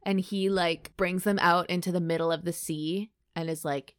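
A young woman with a slightly low voice, chatting casually as a podcast co-host. She recaps a book's plot in loose run-on sentences full of "like". Her voice sounds close and dry, with little room sound. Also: fairly even intonation, moderate pace, hardly any pauses, clear, resonant tone, no room sound. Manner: recaps a book with lots of "like" and laughter. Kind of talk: casual chat.

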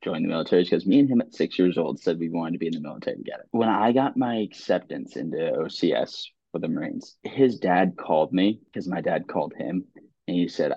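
Young male podcast guest, low voice, earnest, stop-start delivery, dry lo-fi sound. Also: animated, creaky, warm tone, slightly rough, no echo. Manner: earnest, halting with restarts. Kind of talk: casual conversation.

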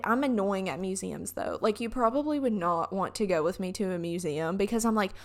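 A woman's voice: mid-range voice, fairly quick, few pauses. A young woman with a Southern US accent, chatting casually in a vlog and telling stories with lots of fillers.

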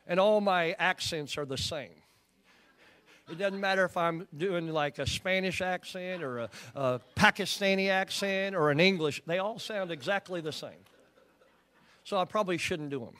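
A man's voice: sits high, moderate pace, a bit bright. A man with an Oklahoman accent preaching a sermon to a church congregation, in a folksy way, often asking the room questions. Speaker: pastor.

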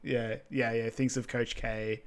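A man's voice: medium pitch, a little slow, clean tone. A man co-hosting a podcast, chatting casually and easygoing about a movie scene. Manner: relaxed, easygoing, short agreeing replies. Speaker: podcast co-host. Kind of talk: casual film recap chat.

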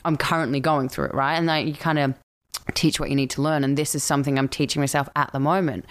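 A woman's voice: sits low, fast. A woman in her thirties with an Australian accent, talking candidly as a podcast guest in casual chat. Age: 30s. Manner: candid, animated storyteller.

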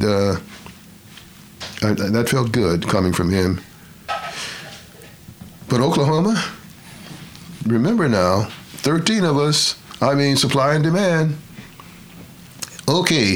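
An older man from Detroit, a retired professor, telling his life story in a measured, reflective way and acting out the quotes. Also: medium pitch, a little hiss or hum. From Detroit, USA. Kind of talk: storytelling interview.

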